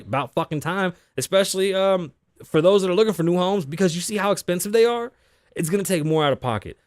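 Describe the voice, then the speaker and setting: This man, a podcast host who lives in Las Vegas, Nevada, has a fairly high, slightly mellow voice captured in a clean studio with no room sound. On his casual talk show he reads news aloud and riffs on it bluntly, swearing heavily.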